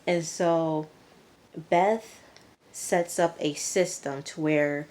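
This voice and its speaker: A woman's voice: low-pitched, steady tone, drawn-out words, darkish tone. A young woman casually recapping a TV episode, with a chatty delivery full of "um" and "you know". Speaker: TV reviewer.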